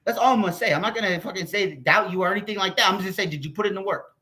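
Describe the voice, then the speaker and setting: Rapid-fire and profane at every turn, an American man rants on his vlog, rambling and heated. His voice is bright, forceful, and sits high for a male YouTuber.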